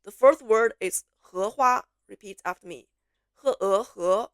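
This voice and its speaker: A woman teaching pronunciation, slowly repeating syllables and words for learners to copy, switching between English explanations and drills. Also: mid-range voice, dry recording, studio quality. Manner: slow, clear repetition, drawn-out syllables for learners. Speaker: Mandarin teacher.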